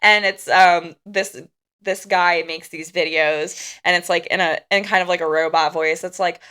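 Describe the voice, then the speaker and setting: A woman's voice: on the low side, fairly even intonation, moderate pace, a bit bright, clean tone. A woman co-hosting a casual podcast chat, giggly, swearing freely and mimicking others as she tells stories. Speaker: podcast co-host.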